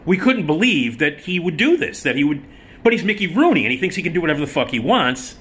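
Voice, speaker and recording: Brief: man, slightly high voice, bright and forceful, swearing storyteller. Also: fast. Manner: animated, profane, emphatic. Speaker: storyteller host. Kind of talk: casual storytelling.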